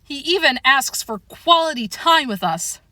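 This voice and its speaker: A woman's voice: high-pitched, animated, unhurried, bright, forceful tone, no echo, studio quality, voice pushed up, exaggerated voice. A woman voicing a paranoid, theatrical male house cat in an audiobook reading. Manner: insistent, theatrical warnings.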